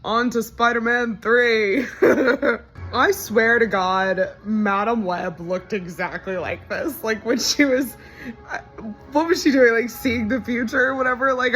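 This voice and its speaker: Brief: young woman, slightly high voice, wry and chatty, reacting to a film while it plays. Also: measured pace, a bit bright, soft background music. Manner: chatty, wry and incredulous, laughing often. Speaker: movie reaction creator. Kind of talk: casual movie reaction commentary.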